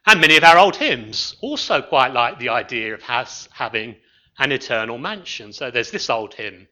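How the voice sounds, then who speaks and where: Male minister, sermon delivery, bright forceful voice, dramatic pauses, muffled lo-fi recording. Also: mid-range voice. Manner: expressive preaching with dramatic pauses, dropping soft at phrase ends.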